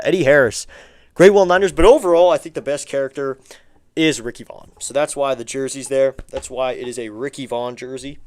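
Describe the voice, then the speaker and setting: A man's voice: medium pitch, smooth, no echo, studio quality. A man doing casual play-by-play of a baseball game for a live stream, chatting with viewers and asking them for likes and subs.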